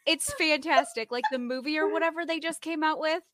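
A woman's voice: sits high, fairly quick, a bit bright, no room sound, clean studio sound. A woman on a podcast panel chatting casually in a playful, self-mocking way. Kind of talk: casual chat.

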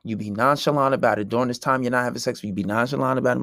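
A man's voice: mid-range voice, fairly even intonation, rapid-fire, gravelly, a bit bright, no echo, clean studio sound. A man hosting a solo podcast, ranting in a brash, profane and preachy way. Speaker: podcast host.

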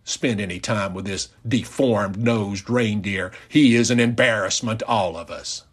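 A man's voice: lowish voice, normal speed, husky, pitched below the performer's own voice. A man voicing a stern reindeer father forbidding his daughter to see someone. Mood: disapproving.

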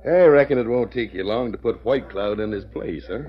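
A man's voice: lowish voice, brisk, natural voice. An actor playing a folksy, blustering henchman with a western drawl, in 1940s radio acting. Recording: dull lo-fi old radio recording.

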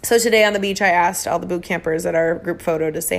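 A middle-aged woman runs her own podcast and speaks fast, in a lowish, steady voice, with hardly any pauses. The personal monologue is heartfelt and emotional, with bits of self-deprecating humor.

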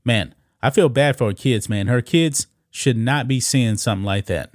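A man's voice: medium pitch, normal speed, no echo. Male commentary host, casual and scoffing, addresses viewers as guys, dry room. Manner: talks straight to viewers, calls them guys; reads news quotes aloud, scoffing.

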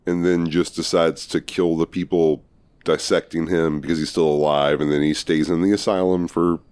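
A man's voice: rumbling low, flat delivery, moderate pace, darkish tone, smooth. A man co-hosting a podcast in casual chat, joking, loose and profane. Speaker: podcast co-host.

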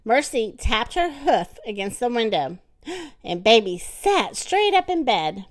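A woman reads a children's storybook aloud in a fairly high voice, taking her time over every line. Her pitch rises and falls with lively expression. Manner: expressive, deliberate. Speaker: narrator.

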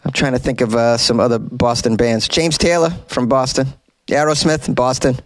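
A man's voice: medium pitch, fairly even intonation, moderate pace, dry recording. A man hosting a casual comedic news commentary, reading headlines and riffing with joking asides.

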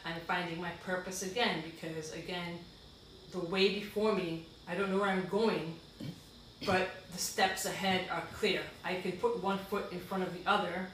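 A woman's voice: on the low side, fairly even intonation, moderate pace, fairly bright tone. A woman guest reading her own reflective writing aloud, earnest and heartfelt, with asides between passages. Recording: very echoey room, far from the mic, faint noise.

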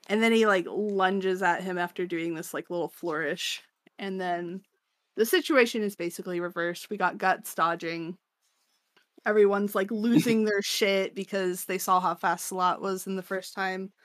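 A woman talks through a comic story in relaxed, profane podcast chat, slipping into quick voices for the characters. Her voice sits at an everyday middle pitch. The sound is dry and close, with no room behind it. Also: no echo. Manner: loose and profane, acting out characters' lines with lots of "like". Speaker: podcast co-host. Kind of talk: casual chat, recapping a manga.

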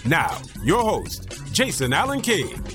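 Guy doing a big slow podcast intro, voice swooping up and down, music playing under. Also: wildly swooping pitch. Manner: slow, booming, drawn-out. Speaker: show announcer. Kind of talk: announcer intro over music.

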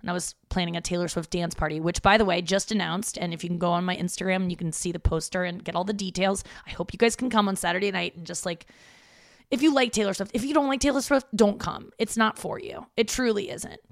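Rambling, gravelly-voiced woman comic. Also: fairly low pitch, fast, dry recording, studio quality. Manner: rambling, self-mocking and profane. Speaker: stand-up comic and podcast host. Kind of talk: casual solo podcast monologue. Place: room in her parents' home.

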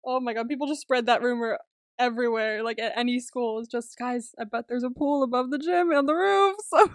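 A woman's voice: fairly high pitch, a little fast, no room sound, clean studio sound. A woman co-hosting a podcast in casual chat, laughing often and acting out quotes. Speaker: podcast co-host.

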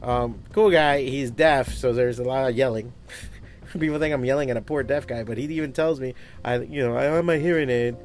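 A man who owns a comic book shop, talking in a casual podcast monologue, swearing often and rambling through animated stories. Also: medium pitch, normal speed, faint music behind. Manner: profane, rambling, animated storytelling.

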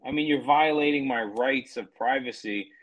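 A man's voice: medium pitch, moderate pace, muffled recording. A man co-hosting a casual podcast, talking bluntly and mockingly and swearing freely. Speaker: podcast co-host. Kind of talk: casual profane chat.

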